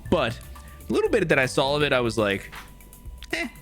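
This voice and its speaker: Lively casual male streamer. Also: a little high, normal speed, soft background music. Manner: rambling, laughs and swears, talks to chat. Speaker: streamer reacting to news. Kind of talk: casual live-stream news reaction.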